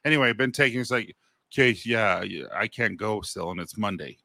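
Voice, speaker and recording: A man's voice: on the low side, animated, a little fast, vocal fry, sharp tone, dry recording. A man in his thirties co-hosting a podcast, telling a story about himself in a candid, self-deprecating, casual way. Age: 30s. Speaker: podcast co-host.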